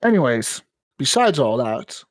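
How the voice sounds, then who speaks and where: Slightly slow and medium-pitched, a man co-hosting a gaming podcast chats casually, cursing freely as he tells lively, animated stories. There's no room sound on the recording.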